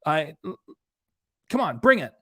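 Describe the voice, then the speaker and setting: A man's voice: a little high, very animated, a little slow, breathy edge, dry recording. A man hosting a reaction channel, scolding a streamer in an angry, profane rant. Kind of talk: angry commentary on a livestream.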